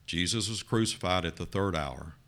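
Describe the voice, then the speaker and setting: A man preaching a sermon, telling a story with dramatic rises and quiet drops. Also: moderate pace. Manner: dramatic, rising to loud emphasis then dropping low.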